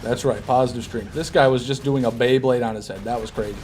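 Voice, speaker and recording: A man talking his way through a game stream in a casual, joking tone, answering chat as he goes. His voice sits in an ordinary middle pitch, with a faint background hiss and keyboard clicks behind him. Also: steady tone, fast talker, a little mellow. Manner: chatty, answers chat, jokey and self-deprecating. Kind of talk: casual gaming stream commentary.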